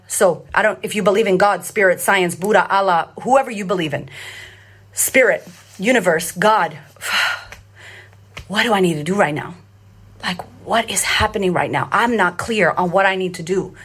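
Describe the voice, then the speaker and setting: A woman's voice: mid-range voice, a bit bright. A woman who hosts and coaches on confidence, speaking bluntly and emphatically in a casual live-stream talk, repeating herself and swearing often.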